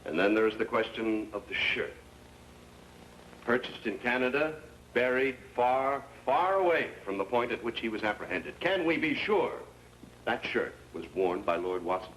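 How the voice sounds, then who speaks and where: An actor playing a confident defense lawyer making his closing argument, with measured, rhetorical questions. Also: medium pitch, animated, fairly bright tone, a little hiss or hum, close to an everyday voice, low-quality recording. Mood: persuasive. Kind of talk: 1960s TV courtroom drama.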